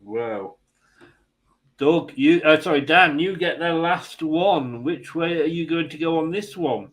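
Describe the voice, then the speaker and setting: Chatty, high-voiced English man. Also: a little slow, low-quality recording. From England. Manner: chatty, laughs often, many restarts. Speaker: host. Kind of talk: casual football chat.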